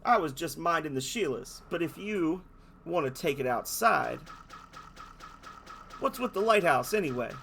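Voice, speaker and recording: A man voicing a bullying male ice dolphin monster with a put-on Australian accent, gruff and threatening. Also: on the high side, lively intonation, a little slow, pauses often, fairly bright tone, slight background noise, voice pushed up, heavily acted.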